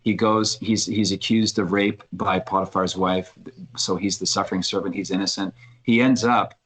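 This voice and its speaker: A man, a podcast guest, talking casually and retelling a story with animated restarts. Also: sits low, moderate pace, breathy edge, low-quality recording. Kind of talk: casual conversation.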